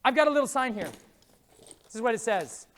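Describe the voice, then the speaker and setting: A man preaching to a live conference crowd, his voice swooping up and down with animated, lively inflection. He tells stories with jokes and plenty of energy. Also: extremely high pitch, a little fast, clean tone. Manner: lively, jokey, acts out quoted voices. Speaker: conference speaker. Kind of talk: animated faith talk with storytelling. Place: conference room before a live audience.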